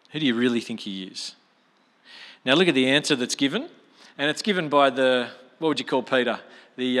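A man's voice: a little high, a bit bright. A man preaching a sermon in a chatty, storytelling way, with colloquial asides. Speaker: pastor. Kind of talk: expository sermon. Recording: long reverb of a large hall.

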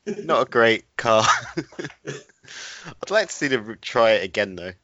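A man's voice: mid-range voice, big pitch swings, slow pace, a bit bright. A man co-hosting a casual podcast chat, steering topics and laughing often. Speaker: podcast co-host. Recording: dull lo-fi sound.

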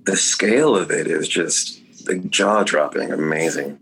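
Deep-voiced man giving short reactions. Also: unhurried, vocal fry, fairly bright tone, husky. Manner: brief reactive remarks. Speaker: podcast co-host. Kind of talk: casual chat.

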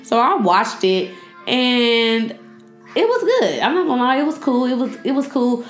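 A young woman hosting a podcast in a casual, joking chat style, loud and animated. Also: fairly high pitch, measured pace, faint music behind. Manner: loud, joking and animated, talks back to the screen. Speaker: podcast host. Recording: echoey room.

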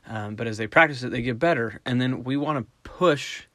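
Man, middle-aged, dog trainer, casual teaching talk, average pitch, dry close sound. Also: no room sound. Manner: relaxed and conversational, acting out quick voiced examples.

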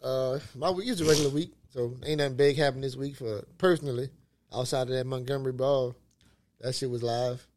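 A man co-hosting a podcast in casual chat, excitable, bursting into laughter and acting out sounds. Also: medium pitch, brisk. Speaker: podcast co-host.

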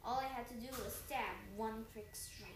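A woman reading a story aloud in first person, lively, with small stumbles and self-corrections. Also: fairly high pitch, normal speed, echoey room, background noise. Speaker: audiobook reader.

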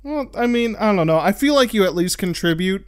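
A man's voice: high voice, lively intonation, brisk, smooth, no room sound, studio quality. Teasing man, crude banter. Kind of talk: casual chat.

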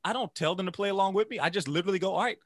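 A man who teaches music, giving an energetic motivational talk to teachers and chanting phrases in rhythm. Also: sits high, very fast, no room sound, studio quality. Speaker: music educator.

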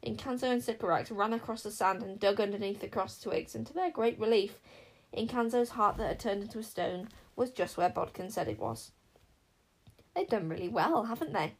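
A woman storyteller reading a children's fantasy novel aloud in a measured, expressive way. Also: mid-range voice, low-quality recording. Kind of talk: audiobook narration.

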